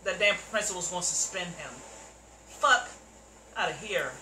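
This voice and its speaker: A woman reacting to a TV episode, loud, profane and heated as she comments. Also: fairly low pitch, normal speed, reverberant, a little hiss or hum, low-quality recording. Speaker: reaction video host.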